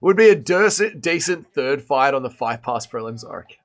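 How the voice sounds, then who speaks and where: A young man hosting a casual livestream, reacting to a fight and reading chat, excitable and swearing, swinging between shouting and mumbling. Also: mid-range voice, moderate pace.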